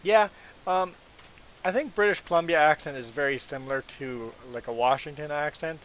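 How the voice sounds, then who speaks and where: A man's voice: fairly high pitch, normal speed, fairly bright tone, slight background noise, poor audio. A man hosting a casual gaming livestream, chatting with viewers, laughing often and stumbling through restarts as he explains things. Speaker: livestream host.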